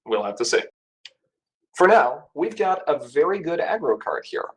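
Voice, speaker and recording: Higher-voiced analytical male co-host. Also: very animated, normal speed, breathy edge, rough recording. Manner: analytical, speculative. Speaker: card game podcast co-host. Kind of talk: casual panel discussion.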